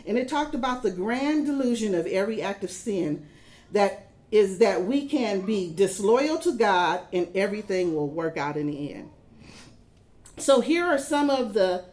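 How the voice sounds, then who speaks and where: A woman's voice: medium pitch, darkish tone. A middle-aged woman preaching a sermon, telling stories and building emphasis as she speaks. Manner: storytelling with rising emphasis and acted quotes.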